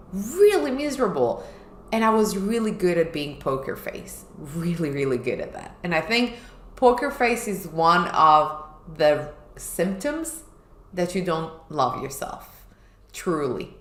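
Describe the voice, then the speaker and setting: A woman's voice: fairly low pitch, sing-song, a little slow, a little hiss or hum. A woman co-hosting a chat show, telling a personal story candidly and acting out her past self. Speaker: podcast co-host. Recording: echoey room.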